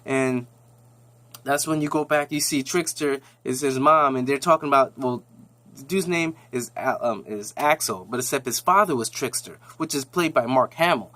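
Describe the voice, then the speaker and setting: A man's voice: medium pitch, moderate pace, sharp tone. Slangy, rambling man recapping a show. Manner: rambling, slangy, many restarts. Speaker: TV episode recapper. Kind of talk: casual recap chat.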